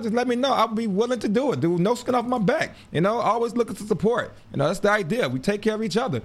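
A man hosting a show, talking in a casual, rambling monologue that repeats words and breaks into laughs. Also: sits high. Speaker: podcast host.

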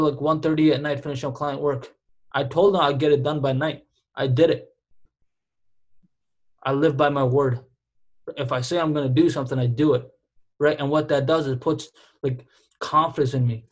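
A man with a somewhat high, husky voice on a casual podcast chat. He talks emphatically, hammers points with repetition and peppers his speech with dude and bro. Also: fairly even intonation, brisk. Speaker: podcast co-host.

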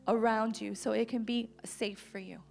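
A woman in her thirties preaching a sermon to young people, animated and emphatic. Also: a little high, moderate pace, vocal fry, soft background music. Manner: animated, acts out quotes, rising to emphatic declarations. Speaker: youth preacher.

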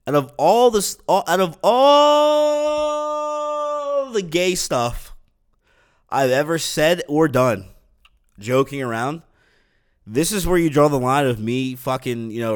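A man's voice: mid-range voice, clean tone. A young man hosting a podcast alone, rambling casually with lots of fillers, restarts and swearing. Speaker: podcast host. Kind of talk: casual solo podcast rant.

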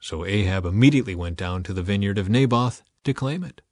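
A man reading scripture aloud in a measured, scripted way, lifting his voice a little for quoted speech. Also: dry recording. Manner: measured, quotes read a little higher and louder. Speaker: Bible reader.

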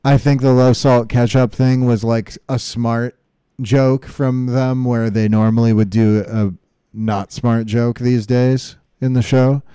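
A man's voice: medium pitch, flat delivery, slow pace, mellow, clean tone, dry recording, studio quality. A man co-hosting a casual podcast, giving laid-back commentary on a cartoon episode. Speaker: podcast co-host.

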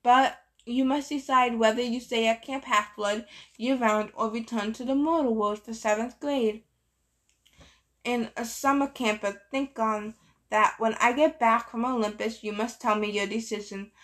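In a storybook reading, a weary old centaur teacher speaks in a gentle, measured way, as a woman puts him on. His voice sits a little high, with patient, unhurried authority. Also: steady tone. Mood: gentle, firm. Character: wise weary male centaur teacher, kindly. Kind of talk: audiobook reading.

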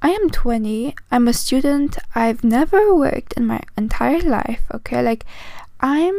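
A woman's voice: high-pitched, moderate pace, creaky, mellow, no room sound. A woman of twenty with a non-native English accent, hosting a casual solo podcast, tired and rambling with self-mocking asides. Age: 20s. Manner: rambling, self-mocking, with restarts and frequent "okay?". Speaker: podcast host.

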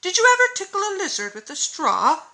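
A woman doing an eager rough country boy. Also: fairly high pitch, sing-song, moderate pace, sharp tone, low-quality recording. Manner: rustic dropped words, eager.

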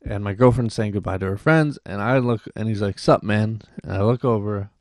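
A man's voice: on the low side, a little fast, no room sound, studio quality. A young Canadian man hosting a podcast, rambling through a casual story with many restarts and acted-out quotes. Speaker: podcast host.

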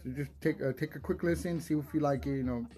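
A man's voice: on the high side, fast talker, mellow. A young man hosting a casual solo podcast, rambling with lots of swearing, laughs and restarted words. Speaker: podcast host.

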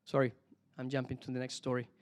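A man preaching a sermon, animated, calling out hallelujah and praise the Lord between points. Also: medium pitch, fast. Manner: animated, exclamations of hallelujah, some restarts.

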